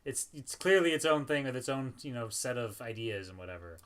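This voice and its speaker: A man's voice: mid-range voice, lively intonation, brisk, a bit bright. A man co-hosting a podcast, rambling casually about a movie and laughing often. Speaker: podcast co-host. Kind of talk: casual movie review chat.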